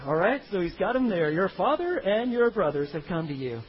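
Male preacher, high and lively, playful storytelling delivery; muffled lo-fi sound. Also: a little fast, slight background noise. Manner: animated, comic, acts out biblical characters in funny voices. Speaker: pastor. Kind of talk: sermon.

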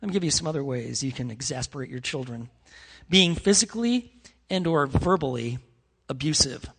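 A man's voice: mid-range voice, expressive, moderate pace, fairly bright tone, slightly rough, big-room sound. A man preaching a sermon as pastor, earnest and conversational, with frequent restarts and fillers. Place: church sanctuary.

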